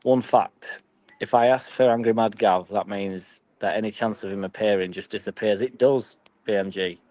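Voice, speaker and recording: A man's voice: on the low side, steady tone, normal speed, a little mellow, no room sound, poor audio. A young man with a Yorkshire accent chatting casually and swearing freely as he reads and answers his live stream chat. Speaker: football fan vlogger.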